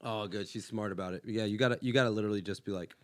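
Crude, animated American comedian. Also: male voice, fairly low pitch, rapid-fire. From Los Angeles. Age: 30s. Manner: crude, animated storytelling with frequent laughter. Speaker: comedian podcast host. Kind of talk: casual podcast chat.

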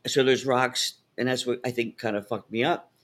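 A man's voice: mid-range voice, fairly even intonation, moderate pace, fairly bright tone. A man, co-hosting a podcast and telling a story in casual chat, swearing freely and laughing as he talks. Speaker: podcast co-host.

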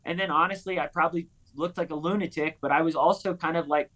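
Talking fast in a higher-pitched voice, a pastor and author in his thirties relates a personal experience in an interview, acting out the dialogue with earnest animation.

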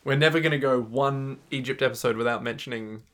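A man's voice: medium pitch, brisk, a bit bright. A man co-hosting a casual podcast, making wry jokes and swearing freely. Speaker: podcast co-host. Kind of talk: casual recap chat.

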